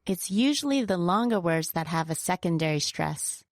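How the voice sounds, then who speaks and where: A woman co-presenting a scripted pronunciation lesson, slowing down to stress example words with care. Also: on the low side, expressive, no echo, studio quality. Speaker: pronunciation teacher.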